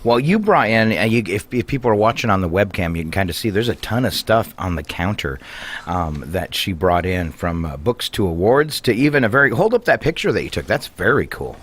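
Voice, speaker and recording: Chatty male radio host, lively pitch. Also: a little fast, a little hiss or hum. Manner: jokey, chatty, self-deprecating. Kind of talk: casual radio interview.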